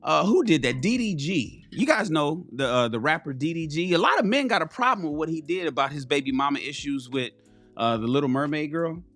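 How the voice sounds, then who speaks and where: A man's voice: a little high, animated, fairly quick, a bit bright, soft background music. A man ranting bluntly and profanely on a casual live stream, preaching to his viewers.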